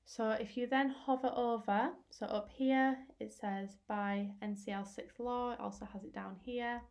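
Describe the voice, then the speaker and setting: Slightly high woman, tutorial voice-over. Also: steady tone, measured pace, darkish tone. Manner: chatty, explanatory with fillers. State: losing her voice. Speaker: teacher. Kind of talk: screen-recorded tutorial.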